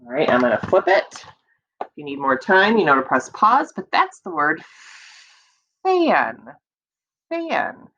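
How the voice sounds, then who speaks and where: A woman teacher giving a slow, patient early reading lesson to young children, repeating words and stretching out sounds to encourage them. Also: low voice, wildly swooping pitch, a bit bright, dull audio, a little hiss or hum.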